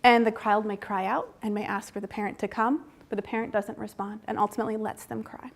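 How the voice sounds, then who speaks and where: A woman's voice: mid-range voice, little pitch movement, fast talker, creaky. A woman researcher giving a seminar talk in a conversational manner, often checking in with the audience with tag questions. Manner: acts out parents' lines in a soft whisper.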